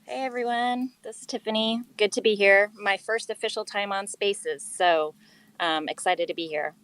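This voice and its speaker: A woman's voice: medium pitch, moderate pace, a bit bright, clear, resonant tone, no room sound. A middle-aged woman, a guest on an online chat, explaining her work in a friendly way with fillers. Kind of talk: casual chat.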